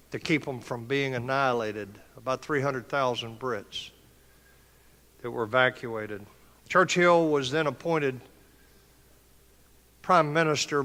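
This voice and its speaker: Brief: older male speaker, emphatic motivational address, forceful tone, echoey hall. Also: mid-range voice. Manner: emphatic, impassioned, preacher-like delivery. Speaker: conference speaker. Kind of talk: motivational speech. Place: conference hall.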